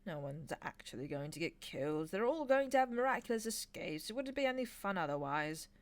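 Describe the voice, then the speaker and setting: Snappish, sly male demon in a storybook reading, a woman doing the voice, a touch louder than her narration. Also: lowish voice, sing-song, a little fast. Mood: sardonic. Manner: snappish, sardonic. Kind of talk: audiobook reading.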